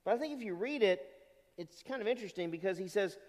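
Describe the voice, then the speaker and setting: A man preaching a sermon, animated and full of rhetorical questions to the congregation. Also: high voice, fast talker. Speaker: pastor. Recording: long hall reverb.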